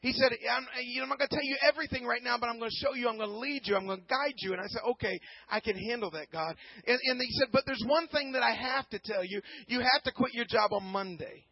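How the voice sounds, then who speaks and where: A man preaching a sermon, telling a personal story earnestly, often repeating words and swinging from hushed to loud. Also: very high voice, quick pace, hardly any pauses, slightly rough, no room sound, lo-fi sound. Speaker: pastor.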